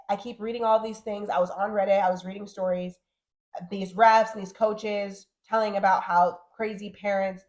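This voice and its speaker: A woman's voice: medium pitch, highs cut off. A woman in her thirties co-hosting a podcast, chatting casually and animatedly, often acting out what others said. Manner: animated, talks fast and acts out quotes. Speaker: podcast co-host. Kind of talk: casual chat.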